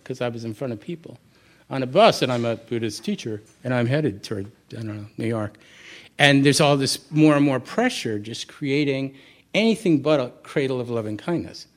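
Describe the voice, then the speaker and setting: A middle-aged man leads a Buddhist talk before a live audience. His pitch sits in the ordinary middle range for a man. He speaks candidly and conversationally, telling a personal story with self-deprecating asides and frequent restarts. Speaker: Buddhist teacher.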